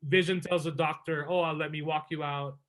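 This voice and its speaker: Bright-voiced man recapping a show. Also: fairly high pitch, fairly even intonation, fairly quick. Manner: retells scenes in a loose flow, with "before you know it" and "um". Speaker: podcast host. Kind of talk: casual movie review chat.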